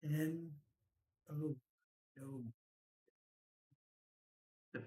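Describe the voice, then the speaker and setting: Speaking a little high and unhurried, this man leaves long pauses while he talks through stock charts on his market show. His manner is conversational, full of "right?" and "okay?" check-ins and wry little laughs, captured in a roomy space on a rough recording.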